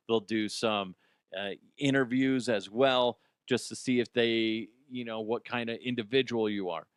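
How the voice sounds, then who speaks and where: A middle-aged man hosts a casual sports podcast on his own, swearing freely and laughing as he goes. His voice is smooth and resonant, sitting in an ordinary middle pitch. The recording is dry and close, with no room sound. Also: fairly bright tone, no echo. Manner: profane, joking, laughs often. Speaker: podcast host. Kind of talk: casual solo sports chat.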